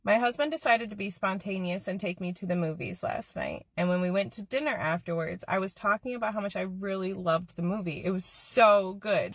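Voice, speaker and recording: Earnest woman with a bright voice. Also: mid-range voice, no echo, clean studio sound. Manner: earnest, confiding. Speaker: social media storyteller. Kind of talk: personal storytelling.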